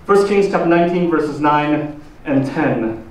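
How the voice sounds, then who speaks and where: A pastor with a Korean accent giving a slow sermon, asking the congregation drawn-out questions. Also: male voice, on the high side. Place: church hall. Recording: roomy echo, distant mic, faint noise.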